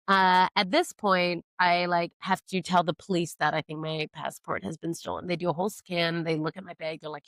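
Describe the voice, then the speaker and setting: A woman's voice: on the low side, flat delivery, moderate pace, fairly bright tone, no room sound. A woman comedian, a podcast guest, telling a story in a casual chat, self-mocking and acting out what people said.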